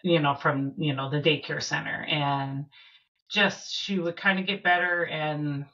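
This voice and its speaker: A middle-aged woman from Minnesota telling a personal story as a podcast guest, earnest and halting with fillers and restarts. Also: low voice, fairly even intonation, a bit bright, highs cut off.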